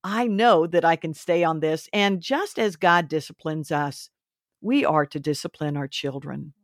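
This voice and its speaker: A woman's voice: deep voice, measured pace, no echo, studio quality. A woman hosting a faith and parenting podcast, talking earnestly and instructively, a little preachy. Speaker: podcast host. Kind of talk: faith-based parenting talk.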